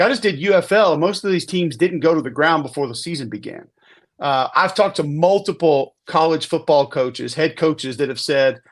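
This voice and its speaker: A man giving an emphatic, conversational football breakdown on a podcast, often restarting sentences. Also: fairly high pitch. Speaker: football analyst guest. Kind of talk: casual sports podcast talk.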